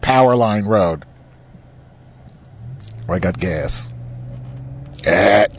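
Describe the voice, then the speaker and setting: A man's voice: mid-range voice, lively intonation, moderate pace, a little mellow. A man talking to his recorder while he drives, rambling and ranting with lots of swearing. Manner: profane, rambling, heated political ranting. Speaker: vlogger. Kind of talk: driving vlog rant. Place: inside a moving car. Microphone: recording device in the car. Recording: car noise in the background.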